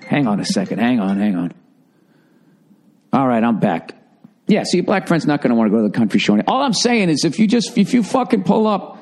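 Here the middle-aged podcast host and comedian speaks fairly high and sing-song, at a moderate pace with a touch of mellowness. His tale is long-winded, foul-mouthed and comic, full of self-mockery.

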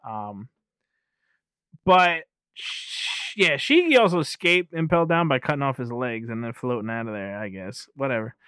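A man of ordinary pitch chats loosely through an anime film recap, rambling and profane. He laughs easily and skips ahead with "blah, blah." His voice sits close and dry on the mic. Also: a bit bright, clean tone, no echo. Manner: rambling and profane, laughs often, skims with "whatever". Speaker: podcast co-host.

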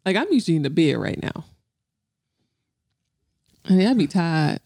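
A woman's voice: on the low side, very animated, normal speed, creaky, dark tone, no echo, studio quality. A tired, yawning woman co-hosting a podcast in casual chat, playful and teasing. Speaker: podcast co-host.

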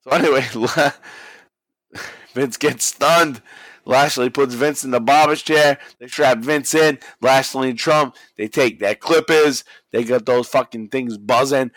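A man excitedly recapping a wrestling match in casual chat, swearing a lot and acting out the wrestlers' lines. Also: mid-range voice, a little slow, no echo. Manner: animated, swears constantly, acts out quotes. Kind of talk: casual profane play-by-play recap.

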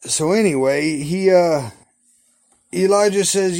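Man, casual bible storytelling, folksy, slangy, rambling, unhurried. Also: on the high side.

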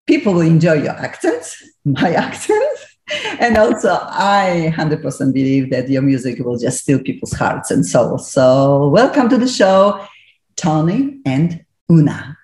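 A woman's voice: sits low, expressive, unhurried, darkish tone. A woman with a Polish accent hosts a radio interview with eager enthusiasm. Her English is a little broken. The sound has a roomy echo. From Poland. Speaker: radio host.

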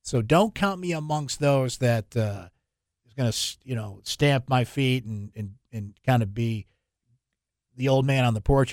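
A man hosting a sports talk radio show, opinionated and conversational with quick asides. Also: mid-range voice, a little mellow, no echo, clean studio sound. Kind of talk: casual sports talk commentary.

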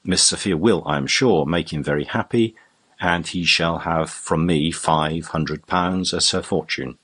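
A man with a low, husky voice reading the part of a generous, courtly baronet with a hearty, teasing manner. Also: measured pace, a bit bright, exaggerated voice. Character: genial, generous older baronet.

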